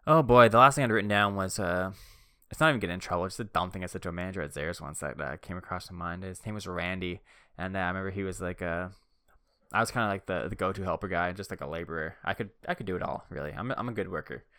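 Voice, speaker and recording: A young man talks quickly through a rambling, self-deprecating story with joking asides. His voice is bright, smooth and a touch low. It sounds dry and close to the mic. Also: dry recording. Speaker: podcast host. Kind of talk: casual storytelling. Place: seated indoors on a swivel chair.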